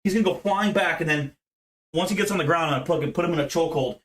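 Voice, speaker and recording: A man's voice: a little high, fast, fairly bright tone. Casting: young American man, brash profane streamer, rambling brag. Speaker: livestream host. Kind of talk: casual livestream chat.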